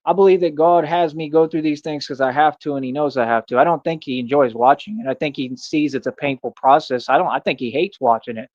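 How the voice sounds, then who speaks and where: This is a street performer in a Batman costume delivering an earnest, casual vlog monologue where "man" and "bro" add emphasis. He speaks fast in a slightly high voice with barely any pauses, captured in a dull, dry, lo-fi recording.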